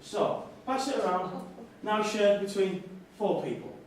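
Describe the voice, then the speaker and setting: A man's voice: high-pitched, lively intonation, unhurried, a little hiss or hum. A man playing a brash, bigoted nationalist party leader, swearing and bossing audience volunteers around on stage. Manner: crude, swearing, bossy crowd-work. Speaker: comedy stage performer. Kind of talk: live character comedy with audience volunteers. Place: stage in a hall before an audience. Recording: echoey hall, voice from far off.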